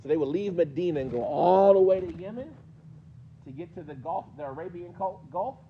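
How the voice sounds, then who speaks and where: A man's voice: high-pitched, lively intonation, a little fast, dull audio, a crowd in the background. A man with a New York accent teaching a mosque class, questioning his students in a conversational way. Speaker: teacher explaining hadith.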